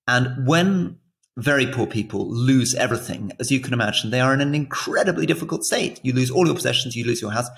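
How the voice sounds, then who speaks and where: A British man with a gravelly, creaky edge and medium pitch co-hosts a political podcast. He explains things earnestly and at length, in a conversational tone. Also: animated, fairly quick, fairly bright tone. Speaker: podcast co-host. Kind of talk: casual political chat.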